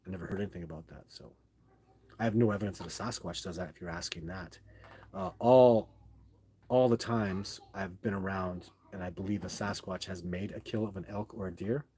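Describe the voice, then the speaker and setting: A man hosting a live stream, chatting casually and rambling as he answers viewer questions, often restarting sentences and getting excited. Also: low voice, brisk, slight background noise.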